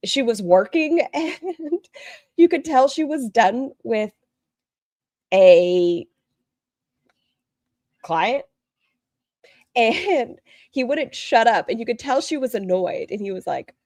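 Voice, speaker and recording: A woman's voice: a little high, very animated, slow, pauses often, a little mellow, dry recording, clean studio sound. A woman streamer giving casual, rambling reaction commentary and talking straight to her chat. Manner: chatty, rambling, talks to chat directly.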